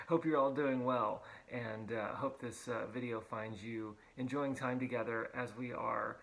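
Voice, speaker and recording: A man's voice: medium pitch, fairly even intonation, takes it slowly, vocal fry, a bit bright, rough recording. A man, a pastor, giving a children's Bible lesson on video, upbeat and playful, with frequent fillers and emphatic repetition.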